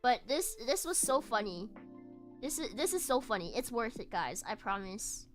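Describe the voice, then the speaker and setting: A woman's voice: on the high side, sing-song, moderate pace, soft background music. A young woman streamer telling a casual story while drawing, giggling often and restarting her phrases. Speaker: virtual streamer.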